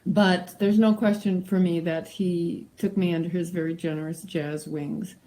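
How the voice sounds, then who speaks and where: Mellow-voiced woman recalling a teacher. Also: on the low side, steady tone, moderate pace, rough recording. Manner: warm, reflective, with fillers. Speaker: singer paying tribute. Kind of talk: spoken tribute.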